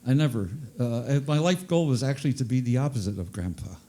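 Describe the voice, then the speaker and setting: A man's voice: medium pitch, lively intonation, a little fast, mellow. An older man performing a stand-up comedy routine, self-deprecating and fond of repeating his punchlines for effect.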